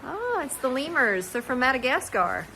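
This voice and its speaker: A woman's voice: high voice, sing-song, moderate pace. An older woman, a grandmother, narrating a casual family vlog and talking to small children in a chatty, sing-song way. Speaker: vlogger and grandmother. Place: outdoor petting area of a small zoo. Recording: loud outdoor background noise.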